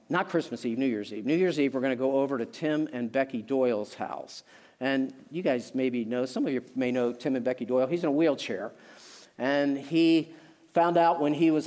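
Man, middle-aged pastor, sermon, emphatic, storytelling, joking asides, slightly high voice. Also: a little mellow. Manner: emphatic preaching with personal stories, frequent asides and self-deprecating jokes.

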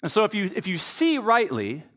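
A man's voice: high-pitched, huge pitch swings, normal speed, fairly bright tone. A man preaching a sermon as pastor. He tells stories in a conversational way and acts out the voices he quotes.

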